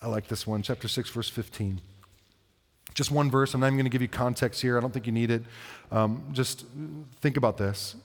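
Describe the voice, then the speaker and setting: A man preaching a sermon, reading scripture and explaining it in a conversational way, asking the listeners questions and slowing down for the verses. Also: medium pitch, fairly even intonation. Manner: conversational, asks the congregation questions. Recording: long hall reverb.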